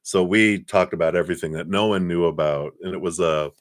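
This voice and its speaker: Male tarot reader on a livestream, low-pitched, rambling and good-humored, dry close sound. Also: a little fast, no room sound. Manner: chatty, laughs often, trails off with fillers. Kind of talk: live-streamed tarot reading.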